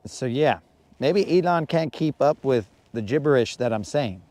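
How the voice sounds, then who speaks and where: A man's voice: medium pitch, lively intonation, normal speed, mellow, no echo. A man hosting a live fishing stream from his boat, chatting casually and slangily with viewers. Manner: laid-back, slangy, talks to chat viewers. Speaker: fishing livestream host. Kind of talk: casual livestream chat.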